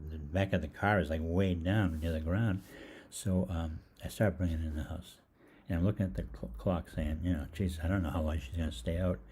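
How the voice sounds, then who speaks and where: Here the older holistic doctor, low-pitched and slightly rough, spins another funny personal tale. It's a rambling, animated, casual monologue in which he acts out each side of the exchange.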